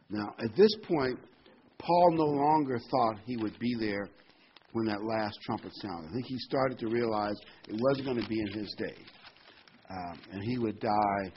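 A man preaching a sermon, reading scripture aloud and shifting between loud emphatic points and quiet asides. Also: fairly low pitch, a little hiss or hum. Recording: dull lo-fi recording.

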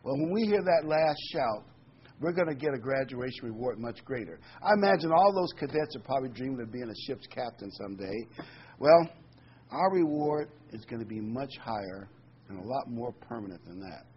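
A man's voice: medium pitch, lively intonation, normal speed. A man preaching a sermon, reading scripture with rising emphasis and adding folksy, conversational asides full of fillers. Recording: slightly dull, faintly noisy recording.

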